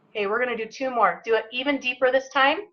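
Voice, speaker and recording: A woman's voice: fairly high pitch, fairly bright tone, lo-fi sound. A woman leading a motivational team call, encouraging and emphatic, guiding listeners through breathing. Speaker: team leader hosting a call.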